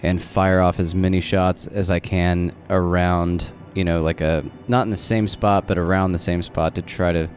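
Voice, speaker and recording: A man with a very deep voice takes his turns in a tabletop game. He says what his character does bluntly and matter-of-factly, swearing freely. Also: level tone, normal speed, few pauses, a little mellow, soft background music. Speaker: player.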